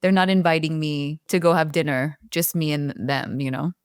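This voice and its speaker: Woman, from the United States, low voice, dry close sound, podcast co-host, casual laughing chat. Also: moderate pace, clear, resonant tone, no echo. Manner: chatty, laughs often, lots of "like".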